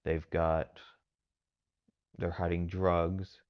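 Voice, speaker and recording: A man's voice: low-pitched, level tone, very slow, smooth, muffled recording. A man from Texas hosting a podcast, giving rambling casual commentary with lots of fillers and hedges. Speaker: podcast host.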